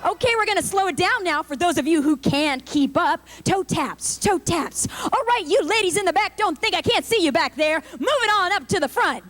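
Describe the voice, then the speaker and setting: A woman's voice: very high voice, animated, moderate pace, hardly any pauses, a bit bright. A woman mocking a bossy aerobics instructor. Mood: condescending. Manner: barking step calls, talking down.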